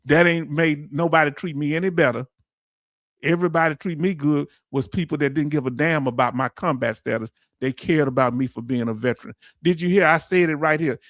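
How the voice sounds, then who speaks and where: A middle-aged man with a drawl holds forth on his livestream, blunt and impassioned as he answers his chat. His voice sits fairly high for a man. The sound is dry and close, with no room echo. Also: a bit bright. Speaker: veteran livestream host. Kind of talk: casual livestream rant.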